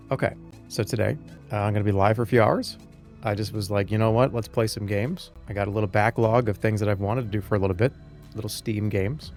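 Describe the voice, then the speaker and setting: A man, chatting casually on a live stream, rambling and joking, now and then breaking into loud animated rants. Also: on the low side, a little fast, faint music behind.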